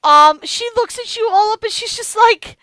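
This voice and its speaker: A woman narrating a tabletop game as game master, excited and halting as she speaks. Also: extremely high pitch, no echo.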